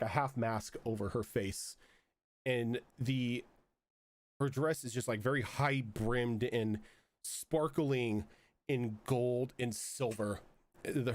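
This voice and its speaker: A man narrating as game master in a tabletop game, rambling with many fillers and restarts. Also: medium pitch.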